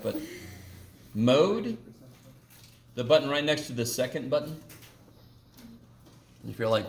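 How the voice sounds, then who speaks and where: A casual man lecturing a math class, recorded from across an echoey room with faint noise behind him. His voice has a gravelly edge, and he jokes and swears mildly as he teaches. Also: medium pitch, moderate pace, long pauses, distant mic. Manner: casual and joking, with mild swearing.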